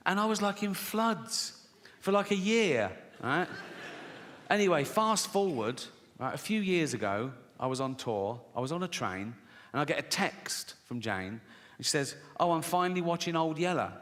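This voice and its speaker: An English man telling profane, chatty stories as a stand-up comedian, slipping into quick voices for the people in his tales. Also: on the high side, lively intonation, fairly bright tone. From England. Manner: profane, conversational storytelling with sudden acted-out voices. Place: large theatre stage before a live audience. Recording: live theatre recording, roomy reverb, audience noise.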